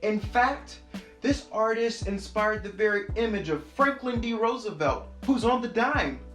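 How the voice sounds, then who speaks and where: A man hosting a children's art show, friendly and expressive as he tells a story. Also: sits high, a little slow. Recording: echoey room with music.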